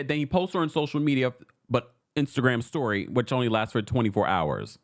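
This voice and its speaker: A man hosting a casual pop culture gossip show, animated and sassy, laughing often as he comments. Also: mid-range voice, fairly quick.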